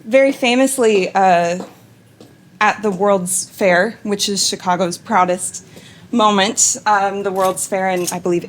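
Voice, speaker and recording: A woman answering interview questions in a relaxed, informative way. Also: medium pitch, a little hiss or hum.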